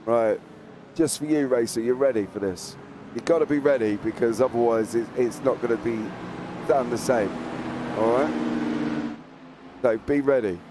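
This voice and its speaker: A man commentating a live online sim race, chatty and jokey, lifting into excited play-by-play calls. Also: medium pitch, unhurried, pauses often, noisy background.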